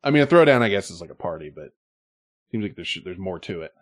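Male podcast host, rambling and laughing, animated pitch swings. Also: quick pace. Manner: laughing, rambling, lively delivery. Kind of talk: casual chat reading listener messages.

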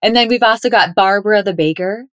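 Cheerful woman chatting as a podcast guest, average pitch, dry close sound. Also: fast, no room sound. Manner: upbeat, playful, laughs often. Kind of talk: interview, conversational.

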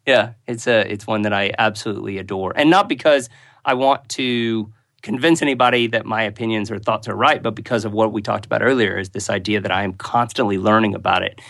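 A man's voice: on the low side, fairly quick, creaky, fairly bright tone, dry recording. A man speaking as a podcast guest, earnest and open about what he loves to discuss. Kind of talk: conversational interview.

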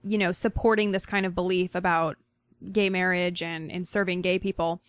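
A woman's voice: on the low side, fairly even intonation, moderate pace, no room sound. Female podcast co-host, conversational and explanatory, dry close recording. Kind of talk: casual chat, summarizing news stories.

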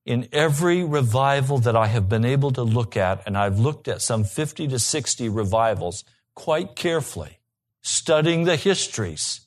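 Earnest man preaching a sermon. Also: on the high side. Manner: earnest preaching with slow emphatic repetitions. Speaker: pastor.

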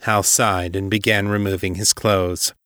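A man with a fairly low voice narrates fiction at a steady, measured pace. The sound is dry and close, with no room around it. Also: dry recording. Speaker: story narrator. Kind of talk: audiobook-style fiction narration.

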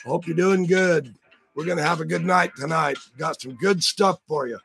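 A hoarse man with a rough, raspy voice hosting a casual live stream, joking around and greeting his viewers by name. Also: on the high side, moderate pace, a bit bright, faint music behind. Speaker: livestream host.

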